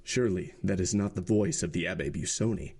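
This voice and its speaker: A man's voice: deep voice, fairly quick, a little mellow, husky, pitched below the performer's own voice. A man voicing a grief-stricken, frantic middle-aged magistrate in a storybook reading, with anguished, pleading outbursts. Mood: alarmed.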